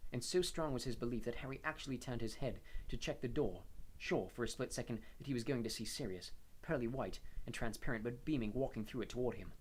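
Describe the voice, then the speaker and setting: A man reading a fantasy novel aloud as audiobook narrator, steady storytelling. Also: mid-range voice, fast talker, few pauses, husky, low-quality recording.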